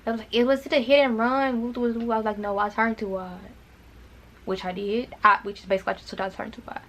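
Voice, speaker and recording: A woman's voice: a little high, steady tone, fast talker, a bit bright, slight background noise. A young woman from Arkansas, telling a dramatic storytime to her viewers in casual chat, with repeated words and asides. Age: young adult. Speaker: vlogger.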